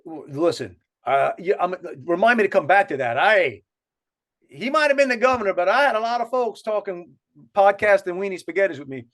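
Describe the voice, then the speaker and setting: Man, South Louisiana accent, slightly high voice, animated rambling storyteller, podcast co-host. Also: fairly quick. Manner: rambling, animated, with many restarts. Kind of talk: casual storytelling chat.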